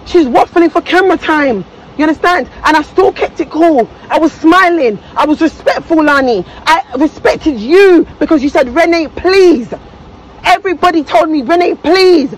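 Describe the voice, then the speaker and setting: A woman in a heated argument in a car, angry, upset and near tears, shouting, swearing and talking over everyone. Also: very high-pitched, expressive, moderate pace, a little hiss or hum, low-quality recording. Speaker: guest on a reality show. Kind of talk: heated confrontation.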